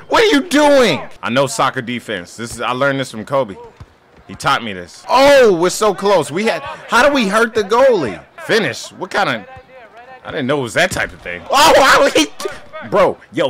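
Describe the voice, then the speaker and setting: A young man gaming on camera and commentating his soccer match, joking, trash-talking the players and breaking into sudden yelling outbursts. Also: a little high, huge pitch swings, normal speed. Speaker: gaming YouTuber. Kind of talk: playing a soccer game and commentating.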